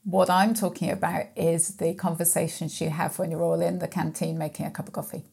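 Woman guest, raspy with a gravelly edge, reflective storyteller, interview. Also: fairly low pitch, flat delivery, brisk, a little mellow. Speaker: mental health guest speaker. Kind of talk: conversational interview.

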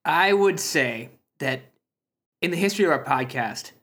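A man co-hosting a comedy podcast, cracking dry, deadpan jokes in casual banter. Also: on the high side, moderate pace. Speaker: podcast co-host.

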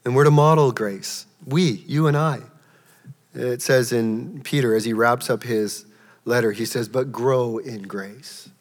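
A man preaching a sermon in a church, emphatic, his voice jumping high as he acts out quotes. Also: a little slow, long reverb tail. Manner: emphatic, rising to a high pitch when acting out quotes. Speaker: pastor.

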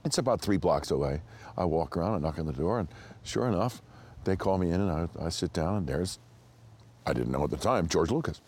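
A man with a very deep, low voice tells rambling, animated stories as an interview guest. He restarts his sentences often and laughs along the way. He slips into higher voices to mimic the people in his stories. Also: a little fast, slightly rough. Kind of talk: anecdotal storytelling.

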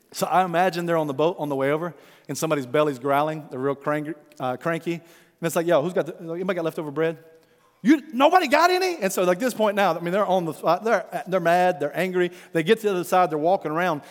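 A man's voice: high-pitched, big-room sound. A man preaching a sermon in a conversational way, calling his listeners friends. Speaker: pastor.

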